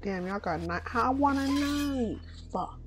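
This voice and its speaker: A young woman giving live gameplay commentary, excitable, jumping between loud yelps and low mutters. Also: measured pace, music in the background. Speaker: let's play gamer.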